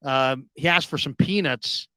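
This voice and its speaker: A radio host telling a long story in casual chat, acting out the people in it with loud, high outbursts. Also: male voice, measured pace, dry recording. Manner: animated, acts out quoted people with sudden loud high outbursts.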